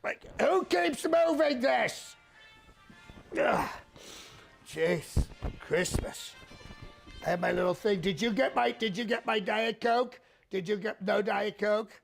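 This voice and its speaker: A man's voice: high-pitched, lively intonation, takes it slowly, gravelly, pauses often, faint music behind, voice pushed up, full character voice. A man putting on a boastful, vain older politician. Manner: self-congratulating, repeats phrases, fusses over staging. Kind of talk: comedic impression on a livestream.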